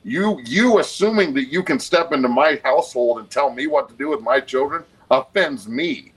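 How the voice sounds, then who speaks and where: A man's voice: medium pitch, animated, normal speed, breathy edge, low-quality recording. A man in his forties, a guest on a podcast, talking bluntly and emphatically with a lot of swearing. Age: 40s. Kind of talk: casual podcast conversation.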